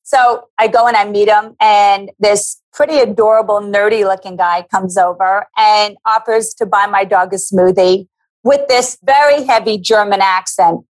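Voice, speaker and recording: A woman's voice: medium pitch, moderate pace, rough recording. A middle-aged woman telling a story to a podcast host in casual chat, acting out the quoted voices as she goes. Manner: animated, acts out quoted voices. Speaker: guest.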